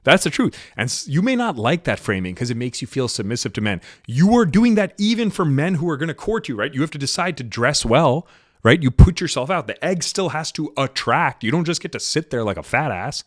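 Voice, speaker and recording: A man's voice: medium pitch, sing-song, fairly quick, dry recording. Blunt, profane man lecturing into a dry mic. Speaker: podcast host. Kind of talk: monologue.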